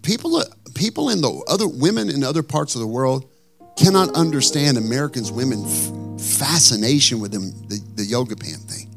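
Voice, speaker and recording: A male pastor preaching a sermon with animated, blunt storytelling and emphatic asides. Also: mid-range voice, moderate pace, gravelly, faint music behind.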